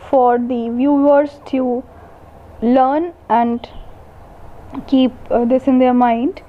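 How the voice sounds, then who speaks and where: A woman university lecturer giving a recorded lecture, slowly and deliberately defining terms one by one. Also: high-pitched. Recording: tinny phone-like sound.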